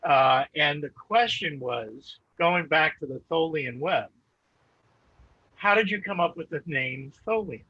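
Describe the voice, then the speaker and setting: A man's voice: fairly high pitch, lively intonation, unhurried, husky, lo-fi sound. A man hosting a live interview, passing along viewer questions with many hesitant fillers. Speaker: host reading viewer questions.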